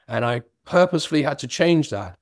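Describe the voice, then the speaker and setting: A man's voice: mid-range voice, expressive, brisk, dry recording. Earnest middle-aged London man, dry close sound. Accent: London, slightly Cockney. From England. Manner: earnest, reflective, occasional self-amused laughter. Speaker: author and business guest. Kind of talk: candid interview answers.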